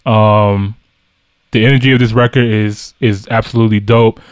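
A man hosting a casual music reaction, talking in an excited and profane way. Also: on the low side, moderate pace, smooth. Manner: excited, profane hype talk.

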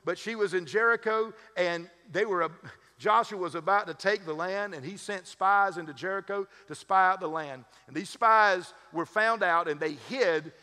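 A male pastor with a slightly higher voice preaches in a loose, conversational way, mixing humorous asides into his teaching. His voice carries a long reverb from a church sanctuary. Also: moderate pace, sharp tone, smooth. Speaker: lead pastor. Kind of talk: sermon.

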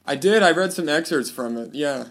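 A man's voice: fairly high pitch, lively intonation, moderate pace, a bit bright. A man hosting a podcast, chatting casually and rambling, with lots of fillers and restarts. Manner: puts on voices when quoting people. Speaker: podcast host. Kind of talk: casual chat.

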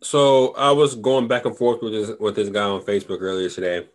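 Deep-voiced laid-back man. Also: level tone, a little fast. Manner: laid-back, rambling, lots of "you know". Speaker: podcast co-host. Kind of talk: casual fantasy football chat.

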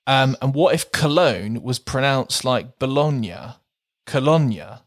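A man chats on a podcast in a slow, unhurried way, often breaking into laughter as he toys with words. His voice sits at a middle pitch and is recorded close and dry. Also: no room sound. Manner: playful, laughs often, reads out word jokes slowly. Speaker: podcast co-host. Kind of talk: casual chat.

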